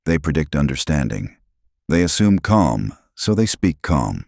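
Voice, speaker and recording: Very deep-voiced man narrating an audiobook. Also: sing-song, gravelly, darkish tone, no room sound, studio quality. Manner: measured, emphatic delivery with pauses between list items. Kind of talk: scripted self-help narration.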